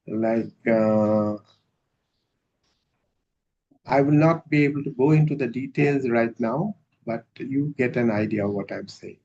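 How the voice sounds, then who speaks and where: Slow, hesitant lecturer. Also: male voice, medium pitch, a little mellow. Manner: measured, hesitant, with many filler sounds. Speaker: university lecturer. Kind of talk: academic lecture. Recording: dull lo-fi recording.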